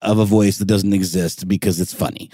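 A man with a lowish voice talks through facts at an easy pace, pausing with fillers as he goes. It sounds like a casual podcast chat, recorded close and dry with no room sound. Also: no echo. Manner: relaxed, hesitant with fillers. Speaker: podcast co-host.

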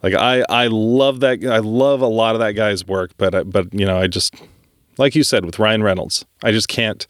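A man's voice: on the low side, steady tone, moderate pace, no echo, clean studio sound. A man co-hosting a podcast in casual chat, rambling with many restarts and swearing freely. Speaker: podcast co-host.

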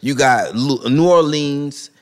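A man's voice: medium pitch, slow pace. A man co-hosting a podcast, talking in casual, slangy banter and laughing often. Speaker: podcast co-host.

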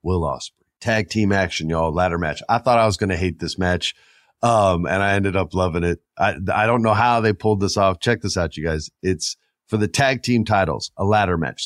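A man's voice: low-pitched, no room sound, studio quality. A man hosting a podcast in casual chat, rambling and talking straight to his listeners. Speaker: podcast host.

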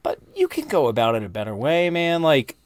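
Man, lively up-and-down pitch, casual, reasoning it out, dry close sound. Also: a little fast, no room sound. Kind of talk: casual chat.

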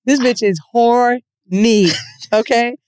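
A woman co-hosting a podcast, telling a story in a casual, profane and animated way and laughing often. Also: on the high side, takes it slowly, smooth, no room sound, studio quality. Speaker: podcast co-host.

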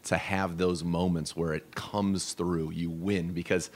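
Deep-voiced enthusiastic radio host man. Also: flat delivery, unhurried. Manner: enthusiastic, long wordy questions. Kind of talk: sports radio interview.

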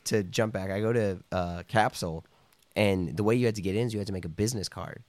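Deep-voiced man telling a rambling story. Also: fast talker, darkish tone, dry recording. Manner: rambling, full of "like" and "you know", acts out quoted voices. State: coughing now and then. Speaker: podcast guest. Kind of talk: casual storytelling.

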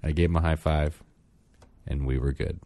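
A man's voice: normal speed, no echo, studio quality. A man and father, casually telling a story on a podcast and acting out the quotes in his anecdote. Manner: animated, acts out quotes in higher and lower voices. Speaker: podcast co-host.

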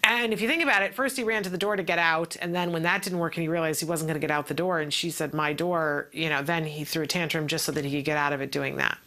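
Bright-voiced woman telling a lively story. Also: sits low, quick pace, few pauses. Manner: expressive storytelling, acting out quotes. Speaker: parent sharing advice with other parents. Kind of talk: casual teaching talk.

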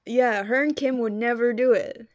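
A woman's voice: fairly high pitch, fairly even intonation, normal speed. A young woman co-hosting a podcast in casual chat, playful and rambling with lots of fillers. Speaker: podcast co-host.

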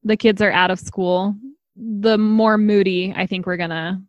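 Supportive woman co-host, quick agreeable delivery, dry close sound. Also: medium pitch, steady tone, no room sound, muffled recording. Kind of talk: casual chat.

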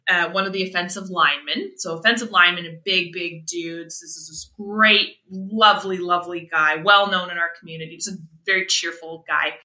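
A woman in her thirties from Canada, a sports medicine doctor telling stories as a podcast guest, animated and quick to laugh. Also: fairly low pitch. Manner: animated, laughs often, acts out quotes. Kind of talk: casual podcast storytelling. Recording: roomy echo.

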